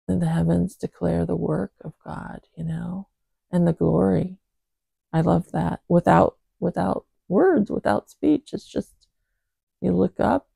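A speaker with a husky morning voice, gently reading scripture and praying in a slow, reflective way. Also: mid-range voice, dry recording. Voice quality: gravelly, husky. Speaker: Bible reader and host.

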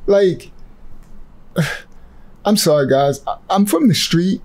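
A man delivers heated religious commentary in a raised, gravelly voice. He sounds agitated and emotional throughout, preaching hard as he reacts to a clip. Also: high-pitched, animated, slow, darkish tone. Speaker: ministry leader reacting to a video clip.

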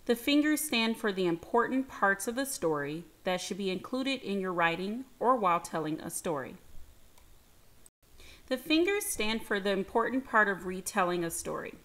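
Calm woman teacher narrating a lesson. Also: medium pitch, normal speed. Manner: calm, clear, instructive, speaks directly to students. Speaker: teacher hosting an educational channel. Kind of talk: scripted lesson narration for young students.

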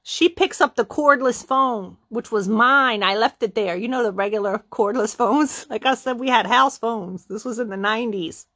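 A middle-aged woman telling a story in a casual, profane way, acting out the quotes with sudden jumps in pitch. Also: moderate pace, hardly any pauses, fairly bright tone.

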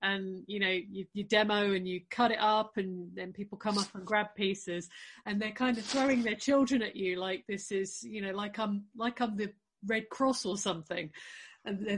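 Woman, dry deadpan storytelling, casual chat. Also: medium pitch, normal speed.

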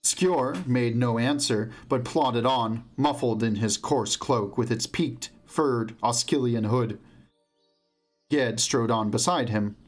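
A man narrating a fantasy novel as an audiobook reader, measured and slowing down for tense moments, on an omnidirectional mic. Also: mid-range voice, faint music behind.

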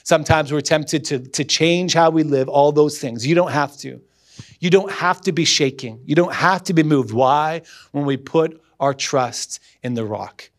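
A man's voice: a little high, unhurried, hardly any pauses. A man as a guest pastor, preaching earnestly with repeated emphatic phrases, then leading a closing prayer.

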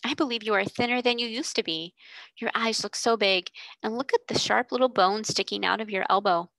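A woman's voice: a little high, a little fast, fairly bright tone, no echo, rough recording. A woman voicing a timid, admiring schoolgirl who asks nervous questions. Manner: hesitant, wide-eyed questions. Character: timid, adoring schoolgirl friend.

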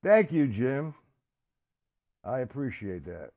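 A man's voice: mid-range voice, sing-song, a little mellow. Casual man teaching drums on a stream. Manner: casual, talks to chat viewers by name; halting, restarts and fillers. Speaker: drum teacher. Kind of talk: live-streamed drum lesson. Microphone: computer or camera mic on a live stream.

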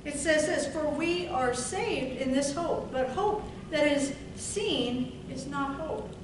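A woman preacher delivering a fervent sermon, stretching out scripture lines with emphatic, drawn-out delivery. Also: sits high. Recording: echoey room from far off, noisy.

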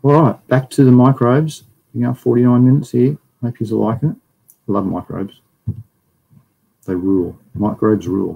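A man's voice: lowish voice, gravelly, mellow, breathy edge, poor audio. A middle-aged Australian man giving a casual, rambling livestream lecture and reading viewer chat aloud.

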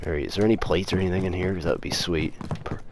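A man hosting gameplay commentary, excitable and profane, laughing often as he plays with teammates on a headset mic. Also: deep voice, rapid-fire, background noise. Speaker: gaming video host. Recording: loud gunfire over the voice.

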